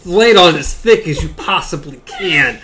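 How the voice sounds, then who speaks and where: A woman's voice: sits low, lively intonation, normal speed, fairly bright tone. A woman from the American South co-hosting a casual chat, teasing and sarcastic.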